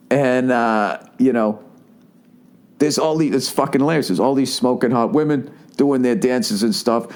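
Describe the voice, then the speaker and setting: A man in his forties hosting a solo comedy podcast, telling stories in a profane, rambling way, with many "right?" asides and quick mocking impressions. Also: darkish tone. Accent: Boston. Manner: slips into mocking impressions with jumps in pitch. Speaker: podcast host.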